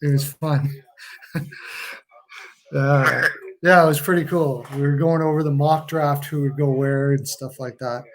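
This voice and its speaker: A man's voice: fairly high pitch, fairly even intonation, measured pace, pauses often. A young man hosting a casual live hockey chat, rambling and reading out viewer comments. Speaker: podcast host.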